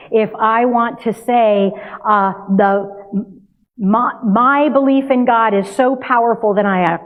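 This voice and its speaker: An older woman giving a sermon, telling a family story in a conversational, lively way. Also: on the high side. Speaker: minister. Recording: tinny phone-like sound.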